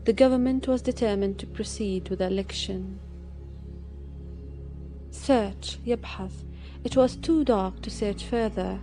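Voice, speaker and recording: A woman with a soft, mellow tone works through a vocabulary list. She reads each word and its example sentence at a slow, measured pace, like a teacher. Quiet music plays faintly underneath. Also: mid-range voice. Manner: slow, measured reading, one word at a time.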